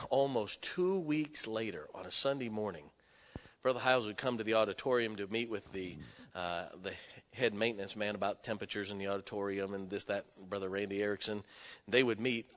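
A man preaching a sermon, telling personal stories with emphatic, animated delivery. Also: fairly low pitch. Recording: long hall reverb.

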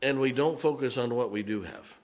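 A man's voice: medium pitch, a little fast. A middle-aged man preaching a sermon as pastor, folksy and joking, sometimes mocking whiny voices.

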